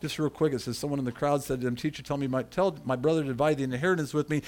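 A man's voice: mid-range voice, fairly even intonation, rapid-fire, hardly any pauses, a little mellow. A middle-aged man preaching a sermon in a conversational way and calling on people in the congregation by name. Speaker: pastor.

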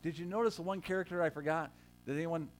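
A man with a slightly higher voice delivers a conversational sermon in a church, teasing members of his congregation and building to emphatic moments. A faint hum sits under the recording. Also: rapid-fire. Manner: conversational preaching, rising to emphatic quotes, joking with the congregation. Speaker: pastor.

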